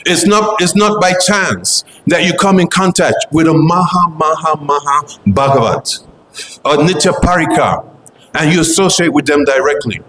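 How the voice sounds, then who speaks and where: A man preaches with fervent, earnest conviction, returning to the same phrases again and again as he builds his point. His voice sits a little high for a man. The sound rings through a reverberant space, with a faint wash of ambient noise behind him. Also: moderate pace, a bit bright. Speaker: devotional speaker. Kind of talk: devotional memorial talk.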